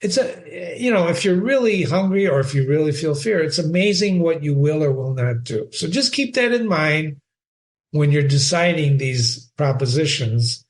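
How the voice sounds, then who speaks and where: A man's voice: on the high side, lively intonation, moderate pace. An older man hosting a reading show, giving an informal, rambling lecture on literature and addressing himself by name as he goes. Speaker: host.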